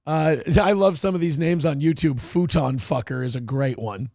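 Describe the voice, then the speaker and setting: A man in his thirties hosting a live stream, with a gravelly, fry-laden voice pitched a bit above the usual. He talks in a brash, mocking way and breaks into sudden yelled outbursts. The sound is dry and close, with no room around it. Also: moderate pace, no room sound. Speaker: livestream show host. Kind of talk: crude casual livestream commentary.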